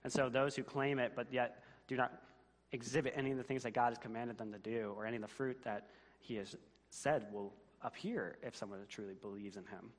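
Pastor guy preaching, earnest, mid pitch, long echo off the hall. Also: fairly even intonation, fairly quick. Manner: earnest, rising to emphatic questions. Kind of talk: sermon. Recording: long reverb of a church hall.

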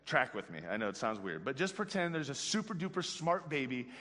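A man preaching a youth sermon in a casual, slangy, animated way, talking straight to his audience. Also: medium pitch, fairly quick, long reverb tail. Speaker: pastor.

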